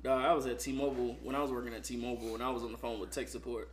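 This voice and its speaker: A man co-hosting a podcast in casual chat, telling slangy, lively stories. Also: mid-range voice, racing. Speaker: podcast co-host.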